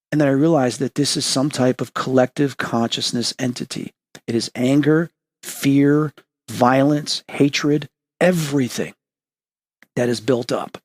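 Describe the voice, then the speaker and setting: A man's voice: medium pitch, normal speed. A man hosting a paranormal talk show, earnestly telling a personal dream story and acting out the voices in it. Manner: earnest, acts out voices in his retelling. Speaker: host.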